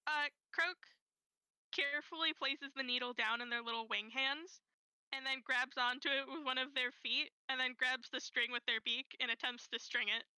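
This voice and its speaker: Brief: high-voiced woman running a tabletop game, halting casual narration, dry mic. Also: clean tone, no room sound, poor audio. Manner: relaxed, halting narration with fillers. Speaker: game master.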